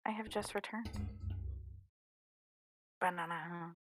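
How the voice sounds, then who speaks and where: A woman's voice: lowish voice, takes it slowly, music in the background. A woman chatting casually during a break in a tabletop game, laughing often and swearing freely. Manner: giggly, animated, swears freely.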